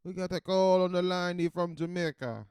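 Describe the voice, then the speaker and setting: A man putting on a loud, exaggerated voice announcing a caller. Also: sits high, normal speed, clear, resonant tone, no room sound, studio quality, voice pushed up. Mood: excited.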